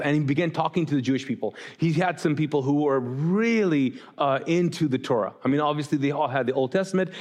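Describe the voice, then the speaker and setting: Before a congregation in a church auditorium, a male pastor preaches casually and jokingly, drawing listeners in to answer him back and forth. His voice is fairly high with a darkish tone.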